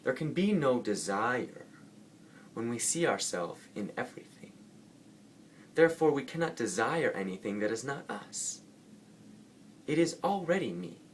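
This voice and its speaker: A man's voice: medium pitch, big pitch swings, unhurried, long pauses, slight background noise. A man vlogging casually about spiritual ideas. He rambles playfully and often corrects himself mid-sentence. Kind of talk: casual spiritual talk to camera.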